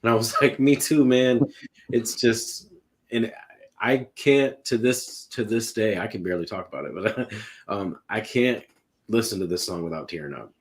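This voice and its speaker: A man with a very low, deep voice chats about music on a podcast. He talks in an earnest, emotional way and rambles, restarting his sentences often. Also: normal speed. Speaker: podcast panelist ranking songs. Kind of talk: casual music discussion.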